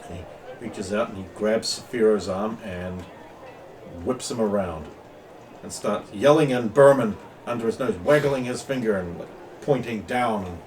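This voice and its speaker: A man's voice: lowish voice, a little slow, a little mellow, far from the mic, a little hiss or hum. A man running a tabletop role-playing game as game master, narrating in a casual, rambling way.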